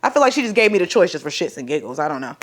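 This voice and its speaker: A young woman, telling a personal story to the camera in a profane, animated way and acting out the people in it. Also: deep voice, very fast. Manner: profane, animated, dramatic re-enactments. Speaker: vlogger. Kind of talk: storytelling vlog.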